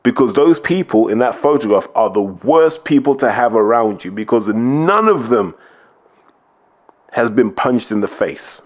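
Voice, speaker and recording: A man hosts a podcast, talking bluntly and emphatically at an average pitch. He lays out his points one by one and hammers them home in casual, opinionated commentary. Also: lively intonation, a little slow. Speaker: podcast host, boxing pundit.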